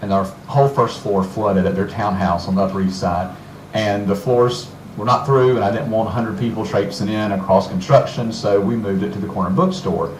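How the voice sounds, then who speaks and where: A man's voice: lowish voice, steady tone, a little fast, darkish tone, slight background noise, lightly acted. A poised, Southern-born woman journalist, as a Southern man quotes her explains in a matter-of-fact way. The voice is picked up from afar in an echoing room. Faint ambience sits behind it. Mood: explaining. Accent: Southern American. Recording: roomy, distant mic with faint ambience.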